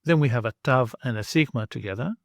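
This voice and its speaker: A man teaching pronunciation, saying each example word slowly and then repeating it, exaggerating the sounds for clarity. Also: mid-range voice, vocal fry, dry recording, clean studio sound. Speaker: language teacher. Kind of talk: slow, deliberate pronunciation lesson.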